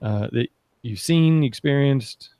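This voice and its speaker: A man's voice: medium pitch, takes it slowly, vocal fry, mellow, no echo. A man hosting a sports medicine podcast, chatty and upbeat, drifting into side stories before steering back. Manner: chatty, upbeat, rambling asides. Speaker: podcast host. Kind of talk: casual panel discussion.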